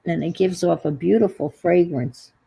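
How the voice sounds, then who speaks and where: Low, gravelly-voiced woman with a New York accent; rambling host of a craft stream who chats while she works. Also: moderate pace, dark tone, low-quality recording. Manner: rambling, trails off and searches for words. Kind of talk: casual crafting chat.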